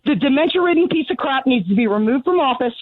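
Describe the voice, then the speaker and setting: A woman's voice: sits high, animated, fast. A grieving, angry mother on a phone call, talking bluntly and out of breath from pacing. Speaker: caller. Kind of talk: phone interview. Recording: tinny phone line.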